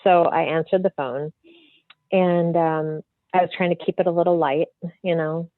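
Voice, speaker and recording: A woman's voice: lowish voice, moderate pace, no room sound. Chatty woman medium on a tinny line. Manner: animated, free-flowing, many fillers like "like" and "you know". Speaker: medium, podcast guest. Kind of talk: casual storytelling in an interview. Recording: tinny phone-like line, dry.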